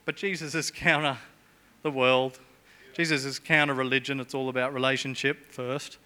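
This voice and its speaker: A man's voice: mid-range voice, flat delivery, normal speed, sharp tone, clean tone. A middle-aged man preaching a sermon in a church, chatty and jokey, with humorous asides.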